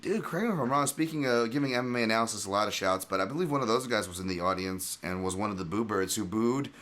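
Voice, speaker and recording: Bright-voiced man hosting a casual podcast. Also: lowish voice. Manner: energetic, quick to react and agree. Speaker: podcast host.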